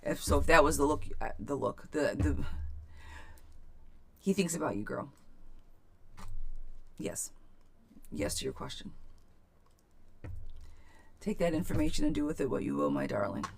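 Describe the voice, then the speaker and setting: A woman's voice: low-pitched, big pitch swings, measured pace, gravelly, pauses often. A woman giving a chatty live-stream tarot reading, reading viewers' questions aloud and calling them girl and friend. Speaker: tarot reader.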